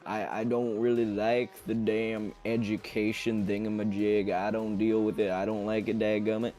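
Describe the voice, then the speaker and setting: A man voicing a loud, grumpy, gun-loving Mississippi redneck in a put-on Southern US accent, blustering and drawling. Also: lowish voice, flat delivery, moderate pace, soft background music, close to an everyday voice.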